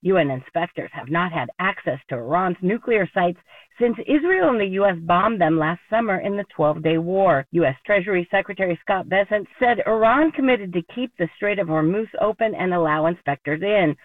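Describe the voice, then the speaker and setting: A woman foreign correspondent filing a steady, scripted news report. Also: lowish voice, brisk, dry recording. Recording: tinny phone-line audio.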